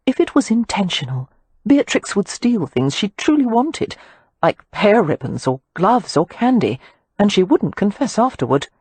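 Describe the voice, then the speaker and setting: A woman's voice: mid-range voice, very animated, moderate pace, darkish tone, slightly rough, no room sound, voice pushed up. A woman voicing a responsible, protective eldest sister who speaks in a firm, take-charge way in an audiobook. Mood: indignant.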